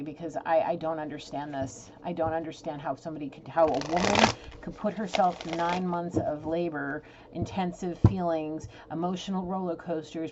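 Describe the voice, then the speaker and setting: A woman giving a casual tarot reading, emotional, blunt and exasperated as she talks. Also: on the low side. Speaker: tarot reader. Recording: dull lo-fi sound with clear noise.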